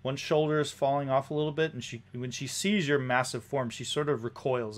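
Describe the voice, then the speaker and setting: A man's voice: mid-range voice, fairly quick, hardly any pauses. A man narrating a tabletop game as game master, describing scenes with hesitant fillers.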